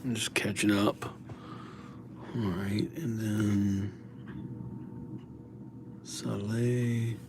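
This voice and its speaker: Heard against background noise, the fairly low, fairly flat voice of a man hosting a calligraphy livestream. Easygoing and jokey, he reads viewer names aloud while writing, his slow, mumbled words slipping in and out of mic range.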